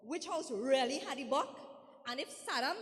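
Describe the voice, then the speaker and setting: A woman plays a boastful older village gossip with a thick Trinidadian accent, rambling on in a high voice. Her chatter carries a long hall reverb from a live stage. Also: animated, normal speed, a little hiss or hum. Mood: gossipy. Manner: chatty, rambling, dialect-heavy. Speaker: stage actor in comedy skit.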